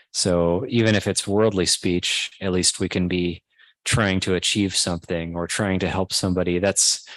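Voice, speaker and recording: A man, a Buddhist monk, giving a Dhamma talk at a meditation retreat, teaching slowly and pausing often. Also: low-pitched, dry recording. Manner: slow, measured teaching with pauses and restarts.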